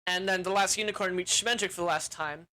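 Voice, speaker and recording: A young man with a bright, edgy voice talks through a movie plot in a loose, rambling way. He is crude and casual, and he strings his thoughts together with "like" and restarts. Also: sits high, fairly even intonation, fast talker. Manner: rambling, crude, with frequent "like" fillers. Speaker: movie reviewer.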